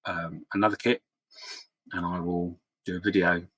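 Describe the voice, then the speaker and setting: Husky man rambling to camera. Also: low-pitched, level tone, moderate pace, fairly bright tone, dry recording, poor audio. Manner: rambling, full of ums and restarts, candid and apologetic. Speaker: scale-model hobby vlogger. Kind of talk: casual update talk to camera. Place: home hobby room by his model shelf.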